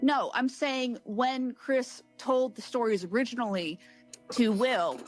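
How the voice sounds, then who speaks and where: A woman's voice: fairly high pitch, takes it slowly, faint music behind. A tired woman arguing her point hesitantly in a recorded discussion, with many fillers.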